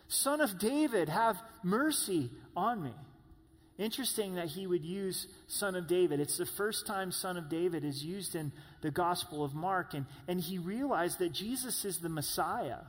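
A man preaching a sermon, who rises to loud high cries when he voices pleas. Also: big-room sound.

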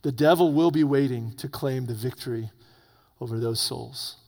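A man preaching an evening sermon, swinging between loud urgent peaks and low hushed warnings. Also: moderate pace. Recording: long reverb of a hall.

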